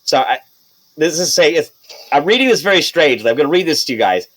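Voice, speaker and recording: A man's voice: on the high side, sing-song, fast talker, a bit bright, rough recording. A man narrating as game master in a live tabletop game, casual and hesitant, with lots of fillers and restarts.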